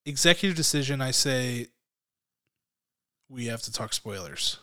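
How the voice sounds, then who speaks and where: A man's voice: mid-range voice, animated, unhurried, sharp tone. A man hosting a casual podcast movie review, enthusiastic and leading the talk. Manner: enthusiastic, leads the discussion. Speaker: podcast host.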